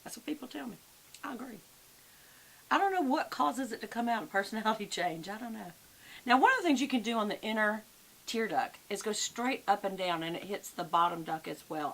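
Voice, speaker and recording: A woman's voice: medium pitch, brisk, fairly bright tone, low-quality recording. An older woman with a Southern US accent, chatting folksy and friendly through a makeup tutorial. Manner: chatty, folksy, addresses viewers as y'all. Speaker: beauty vlogger. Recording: faint background hiss.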